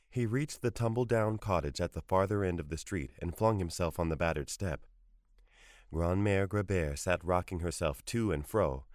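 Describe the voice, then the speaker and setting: A man narrates a short story at a measured pace. His voice sits very low, and the recording is close and dry, with no room sound. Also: no room sound. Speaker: audiobook narrator. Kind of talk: scripted narration.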